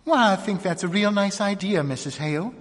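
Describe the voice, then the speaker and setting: A man reading a story aloud, putting on the soft, hesitant voice of a timid middle-aged sheriff's wife. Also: a little high, expressive, moderate pace, husky, long reverb tail, pitched above the performer's own voice.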